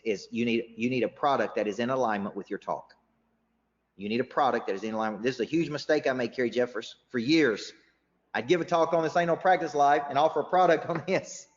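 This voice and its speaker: Male business coach, fast sales pitch in a big room, echoey and muffled. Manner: energetic sales pitch, rising when excited. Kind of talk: live seminar talk. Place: large event room. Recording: dull reverberant hall recording.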